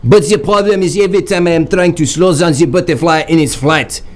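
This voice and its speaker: A man's voice: a little high, lightly acted. A man playing a pompous mock-French butterfly collector. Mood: grandiose. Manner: overblown, haughty, halting stage-French phrasing. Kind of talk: improv comedy character.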